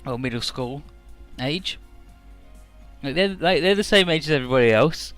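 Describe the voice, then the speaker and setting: A man's voice: fairly high pitch, lively intonation, moderate pace, fairly bright tone. Joking man recapping a game. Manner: crude, joking, rambling recaps. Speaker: let's play host. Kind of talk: casual let's play commentary. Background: faint game music.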